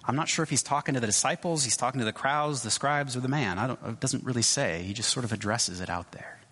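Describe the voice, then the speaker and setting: A man giving a sermon as a pastor, in a conversational, halting way with many restarts and asides. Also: mid-range voice, a bit bright. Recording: long hall reverb.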